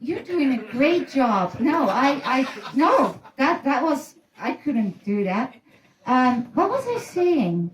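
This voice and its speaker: A woman's voice: very high voice, big pitch swings, normal speed. A woman, doing rambling, profane, self-deprecating stand-up storytelling at a house party. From Netherlands. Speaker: stand-up comedian. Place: room in a private house. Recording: roomy echo.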